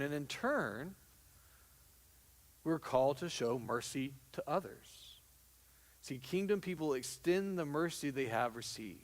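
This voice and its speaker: A pastor giving a conversational sermon, acting out little quotes as he goes. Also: a little high. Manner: conversational preaching with acted-out quotes. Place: church sanctuary.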